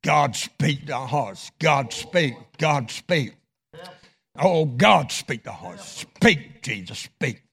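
A middle-aged man preaching a sermon in a church, with chanted, sung-out phrases, then falling to a hushed voice in prayer. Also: medium pitch, lively intonation, takes it slowly, gravelly, breathy edge. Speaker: pastor. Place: church sanctuary.

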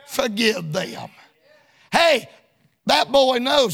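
High-pitched gravelly shouting preacher man. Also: animated, slow pace, long pauses. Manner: shouting, sing-song preaching cadence; folksy colloquial. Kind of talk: sermon.

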